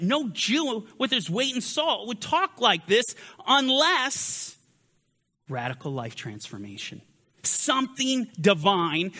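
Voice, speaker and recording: A man teaching a Bible study in sermon style, reading scripture slowly and deliberately and pressing his points with emphatic rises and drops. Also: high-pitched, pushed and bright, big-room sound. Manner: rises and falls sharply for emphasis.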